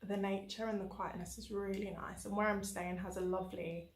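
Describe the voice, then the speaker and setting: A woman's voice: mid-range voice, a little fast. Chatty English woman with an echoey room sound. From England. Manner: chatty, animated storytelling with many fillers. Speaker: travel vlogger. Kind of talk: casual travel diary chat.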